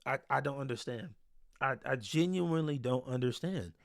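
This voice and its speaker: A man's voice: mid-range voice, normal speed, gravelly, dry recording, studio quality. A man breaking down basketball game film in a casual, exasperated and blunt way, swearing freely.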